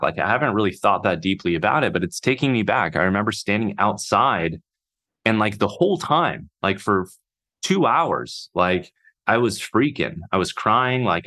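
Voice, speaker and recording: A man telling his own life story off the cuff, halting and full of fillers, swearing casually. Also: low voice, sharp tone. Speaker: podcast host. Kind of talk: unscripted personal storytelling.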